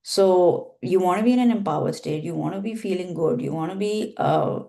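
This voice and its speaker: Brief: woman healer guiding a practice, low and mellow, slow deliberate affirmations. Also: gravelly.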